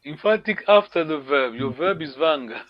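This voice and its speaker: A man's voice: on the high side, animated, normal speed, dry recording, highs cut off. A man teaching a language class online, correcting students patiently and encouraging them.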